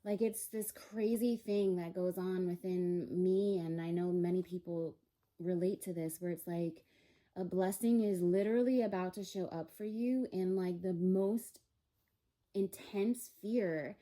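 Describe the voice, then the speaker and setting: A woman's voice: lowish voice, fairly even intonation, unhurried, warm tone. A woman giving a casual spiritual tarot reading, rambling and earnest, with many fillers and restarts. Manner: earnest and reassuring. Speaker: tarot reader.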